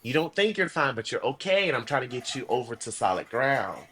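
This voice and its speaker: A man's voice: mid-range voice, brisk, slight background noise. A man who is a podcast guest, talking casually. He tells his stories with energy, swears freely, and speaks earnestly about how to live. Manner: animated storyteller, swears freely; earnest, preachy about life. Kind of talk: casual conversation.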